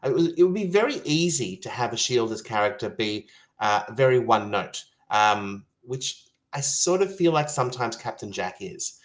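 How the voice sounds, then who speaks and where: A man's voice: medium pitch, very animated, normal speed, rough recording. A man speaking as a podcast guest, enthusiastic, with many hesitations and fillers. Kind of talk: conversational podcast discussion.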